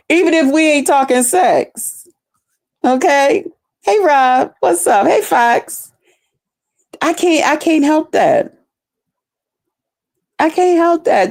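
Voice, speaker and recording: A woman's voice: on the high side, a little mellow. A woman streamer delivering an angry, profane, repetitive rant aimed at a rival.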